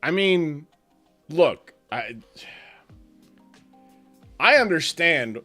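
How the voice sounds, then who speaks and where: A man's voice: a little high, big pitch swings, drawn-out words, sharp tone, faint music behind. A man hosting a live stream as league commissioner, chatting loosely, laughing often and trailing off mid-sentence. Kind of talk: casual live-stream banter.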